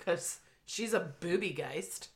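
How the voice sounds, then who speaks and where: A woman's voice: fairly low pitch, slow. A woman co-hosting a casual podcast chat, reading out a ritual and giggling and swearing as she goes. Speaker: podcast co-host.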